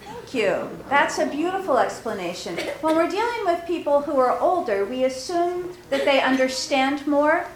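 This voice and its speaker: A woman pastor giving a children's sermon in a church, asking questions, laughing easily and teaching in a gentle tone. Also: sits high, sing-song, normal speed, a little hiss or hum. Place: large church sanctuary. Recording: echoey church hall.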